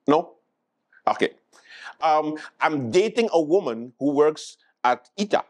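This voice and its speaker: A man delivers a late-night comic monologue with a wildly swooping pitch that leaps and drops. He speaks at an unhurried, drawn-out pace, sounding exasperated and mock-incredulous. He stumbles over repeated words for comic effect. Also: expressive. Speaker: late-night show host.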